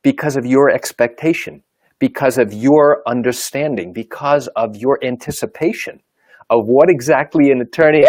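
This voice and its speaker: A man's voice: medium pitch, moderate pace, darkish tone, no echo, clean studio sound. A man, a lawyer, speaking on a live video, emphatic and repetitive, with many rhetorical questions. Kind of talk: live video talk to camera.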